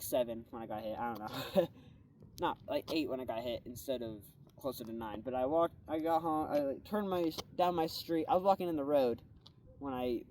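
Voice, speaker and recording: Recorded a bit away from the mic over faint background noise, a young man with a fairly high pitch and darkish tone casually recounts his day. The story rambles, relaxed and full of "bro" and "like."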